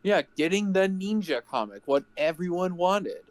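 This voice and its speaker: A man's voice: high-pitched, lively intonation, normal speed, dry recording. A man co-hosting a movie review podcast, bantering sarcastically in casual chat. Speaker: podcast co-host.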